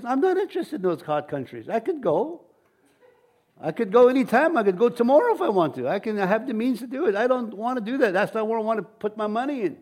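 A man's voice: sits high, very animated, quick pace, a little mellow. A man preaching an informal, rambling sermon, often asking his congregation questions.

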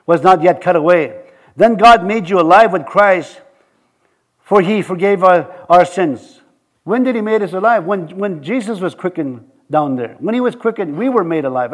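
A middle-aged man with a high-pitched voice preaches a sermon conversationally, often repeating words as he builds toward emphatic points.

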